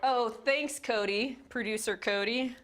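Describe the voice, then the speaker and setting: A woman's voice: fairly high pitch, unhurried, crowd noise. A woman hosting a party word game on a TV show, reading prompts aloud and laughing often. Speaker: host. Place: TV studio with guests.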